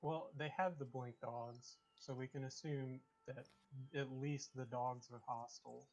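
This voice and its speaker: A man playing a tabletop game, thinking his party's plan through out loud. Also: mid-range voice, fairly even intonation, measured pace, lo-fi sound. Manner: thinks out loud, planning tactics. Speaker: player.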